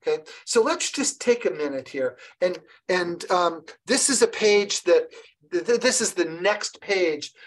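A woman leading an online training session for early childhood educators, lively and encouraging, often restarting her sentences. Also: on the low side, unhurried, rough recording. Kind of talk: online professional development session.

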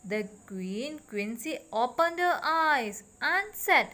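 Slow sing-song woman teacher. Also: high-pitched, lively intonation, bright, forceful tone. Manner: slow, sing-song, repeats sounds and steps. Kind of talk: recorded lesson for young children.

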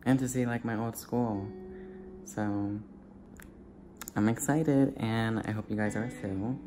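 Give me a young man talking slowly in a car, nostalgic vlog chat over loud music. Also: mid-range voice, fairly even intonation. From Florida. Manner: nostalgic, gushing, repeats himself. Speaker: vlogger. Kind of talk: casual vlog, driving tour.

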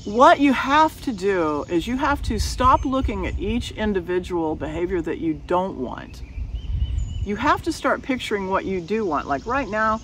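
A woman's voice: lowish voice, far from the mic, a little hiss or hum, poor audio. Firm, matter-of-fact woman breeder. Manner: firm, matter-of-fact, repeats points for emphasis. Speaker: dog breeder. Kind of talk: casual talk to camera.

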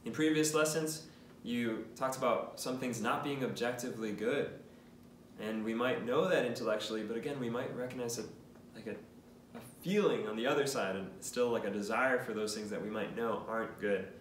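A man's voice: mid-range voice, normal speed, a little hiss or hum. A man, a priest, teaching a lesson in an earnest, casual way, asking the listener questions. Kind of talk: conversational teaching talk. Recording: roomy, mic at a distance.

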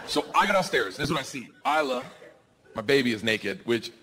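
A man in his forties doing a stand-up comedy set, telling stories loudly and jumping into the voices of his kids and friends. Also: medium pitch, animated, fairly quick. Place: comedy stage with a live audience. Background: audience laughter.

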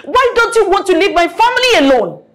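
A woman's voice: very high voice, sing-song, fairly quick, fairly bright tone, full character voice. An actress with a Nigerian accent playing a stern, middle-aged wealthy mother who scolds the former maid in her house. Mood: reproachful. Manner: scolding, imperious. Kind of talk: Nollywood film acting.

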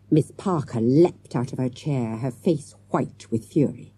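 A woman narrating a children's mystery audiobook in a lively, expressive storytelling manner. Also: a bass voice, unhurried, hardly any pauses, husky, dry recording. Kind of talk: scripted narration.

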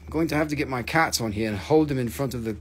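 A man hosting a live stone sale stream, joking and rapidly reading out prices and item codes. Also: medium pitch, a little hiss or hum. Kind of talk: live stream sales chat.

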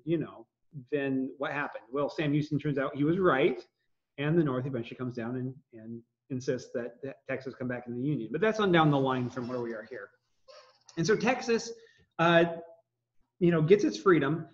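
A man's voice: fairly high pitch, muffled recording. A man teaching a history class in a chatty, joking way, with many fillers and asides to students. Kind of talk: classroom lecture.

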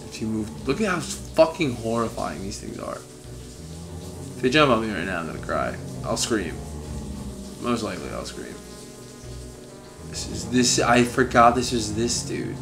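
A young man giving let's-play commentary on his own playthrough, swearing and swinging from frustrated muttering to excited yelling. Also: on the low side, moderate pace, pauses often, over music. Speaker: gaming video host.

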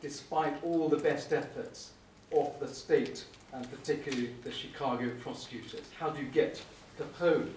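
A middle-aged man, a prosecuting barrister, giving a wry, anecdotal conference lecture with frequent "uh" pauses. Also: medium pitch, darkish tone. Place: lecture hall. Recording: echoey room, speaker far from mic, faint hum.

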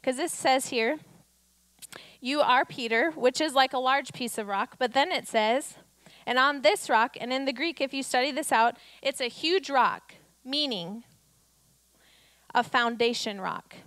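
A woman's voice: high voice, a little slow, fairly bright tone, dry recording. A woman pastor delivering a conversational sermon, reading scripture and building to emphatic declarations.

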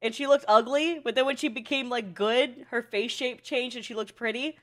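A young woman giving casual, excitable reaction commentary on an anime, swearing freely and laughing often. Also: a little high, normal speed.

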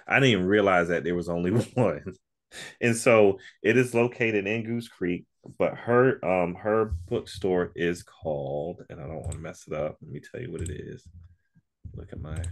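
A man's voice: low-pitched, moderate pace. A man guesting on a podcast, chatting casually and telling stories in a laid-back way, laughing often. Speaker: podcast guest and co-host of another podcast. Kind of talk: casual interview chat.

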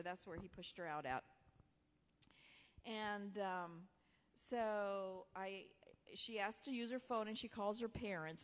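A woman pastor, telling a personal story in a sermon in a conversational way, sometimes dropping to a soft whisper. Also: medium pitch. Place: church sanctuary. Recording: long hall reverb.

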